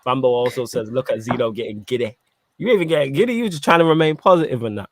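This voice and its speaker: Slangy football podcast host. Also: male voice, medium pitch, fast talker, a little hiss or hum. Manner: animated, slangy, eating while talking. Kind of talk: casual football podcast chat.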